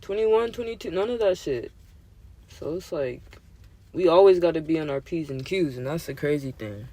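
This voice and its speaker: A man's voice: fairly high pitch, expressive, normal speed, dark tone, no echo. A young man in his twenties hosting a podcast, talking in casual chat with slangy, profane language that gets heated. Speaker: podcast host.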